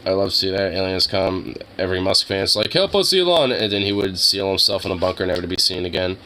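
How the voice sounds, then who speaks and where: A man's voice: low-pitched, monotone, quick pace, pushed and bright, slight background noise, rough recording. A young man streaming live, chatting casually with his viewers in a rambling, joking way full of filler words.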